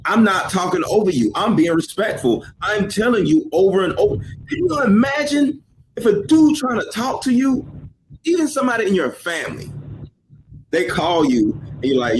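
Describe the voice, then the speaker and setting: A man's voice: high-pitched, sing-song, normal speed, slight background noise, poor audio. A man giving earnest, lecturing commentary in an online video, acting out the quotes he reports.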